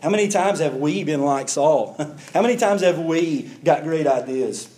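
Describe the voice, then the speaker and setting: A man with a high voice preaching a sermon. He reads scripture aloud and voices the speakers in it, then stops to comment in everyday words. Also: expressive, moderate pace, warm tone. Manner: reads verses aloud and breaks in with plain commentary; acts out the speakers in the verses. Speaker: pastor. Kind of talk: sermon reading and explaining scripture.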